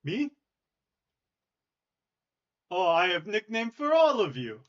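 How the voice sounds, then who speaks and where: A man's voice: sits high, sing-song, slow pace, pitched above the performer's own voice, full character voice. A man voicing a courteous traveler who speaks in formal, slightly broken phrasing. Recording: dull lo-fi audio.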